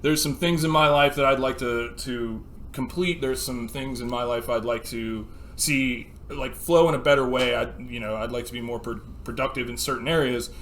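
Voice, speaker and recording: A man co-hosting a casual podcast, telling stories with lots of swearing and acting out scenes with sudden shouts. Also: mid-range voice, moderate pace, a little hiss or hum. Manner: animated storyteller, acts out scenes with sudden shouts; swears freely. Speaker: podcast co-host. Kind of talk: casual chat.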